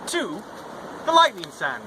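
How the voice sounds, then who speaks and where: A man's voice: sits high, huge pitch swings, slow pace, exaggerated voice. A man in an amateur fan reenactment playing a cocky young hero who talks in a smug, lecturing way. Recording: noisy home recording.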